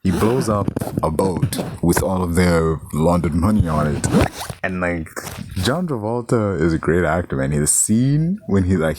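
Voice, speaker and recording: A man's voice: sits low, noisy background. A man giving a casual, rambling movie review, swearing freely and saying "like" a lot. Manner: rambling, profane, heavy use of "like".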